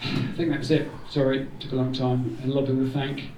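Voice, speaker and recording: Mellow yet flat in delivery, a man's mid-range voice moves at a quick pace as he, the organiser, gives an informal thank-you to the gathering. He rambles a touch and slips in jokes. The recording comes from a distance in a roomy community room, with slight background noise.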